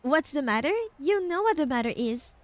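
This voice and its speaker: A woman voicing a hot-tempered middle-aged father in a game read-aloud, firm, flat and blunt. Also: high voice, moderate pace, no echo, pitched above the performer's own voice. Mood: stern.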